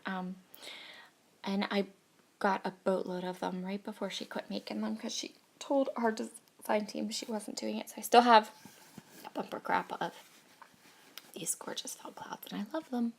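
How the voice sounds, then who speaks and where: A woman in her thirties, hoarse from a cold, chatting casually and gushing over cute things while she works on a scrapbooking project. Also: on the high side. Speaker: scrapbooking crafter. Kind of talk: casual crafting tutorial chat.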